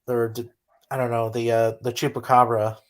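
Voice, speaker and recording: A man's voice: medium pitch, level tone, normal speed. A man chatting casually on a group call, rambling with many fillers. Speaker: caller in a group discussion. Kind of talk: casual chat.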